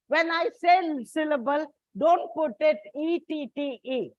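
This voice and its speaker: Slow, high-voiced Indian English woman teacher. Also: no room sound, highs cut off. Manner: explains patiently, addresses students as children. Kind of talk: exam coaching lecture.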